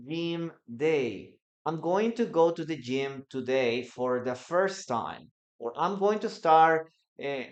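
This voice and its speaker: An English teacher from Peru, giving a casual bilingual lesson and acting out short example dialogues, often tagging explanations with "no?". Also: medium pitch. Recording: slightly dull lo-fi recording.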